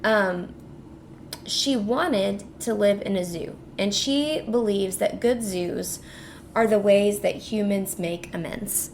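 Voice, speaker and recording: Gravelly-voiced woman summarizing a book. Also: mid-range voice, slow pace, slight background noise. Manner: relaxed summarizing with light laughs. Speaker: podcast co-host. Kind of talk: casual book podcast chat.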